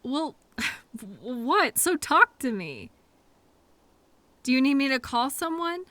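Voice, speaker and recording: Bright, lively woman in audio role-play. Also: sits high, takes it slowly, no room sound. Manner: fussy, scolding then apologetic, quirky mild exclamations.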